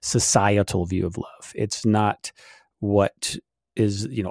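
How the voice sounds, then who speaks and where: Low gravelly middle-aged man. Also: fairly even intonation, takes it slowly, darkish tone, no echo, studio quality. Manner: rambling, explaining with many fillers. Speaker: podcast co-host. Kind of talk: casual faith discussion.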